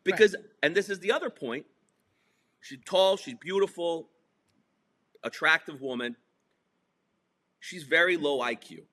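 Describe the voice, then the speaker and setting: A man's voice: fairly high pitch, measured pace, long pauses, sharp tone. A middle-aged man from New Jersey telling a story in a casual interview, emphatic and profane. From New Jersey / New York. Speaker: podcast guest.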